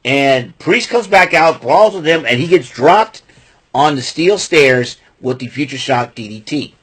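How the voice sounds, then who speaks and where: A man's voice: on the high side, expressive, unhurried, fairly bright tone, slightly rough. A man hosting a podcast, giving a rambling casual recap with lots of fillers and restarts and blunt opinions. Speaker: podcast host recapping wrestling.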